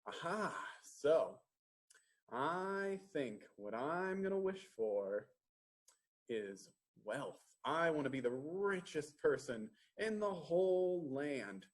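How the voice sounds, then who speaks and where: A man's voice: fairly high pitch, very animated, slow, full character voice. A man doing a musing, greedy fisherman. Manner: musing, thinking aloud with hums. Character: greedy, wondering male fisherman.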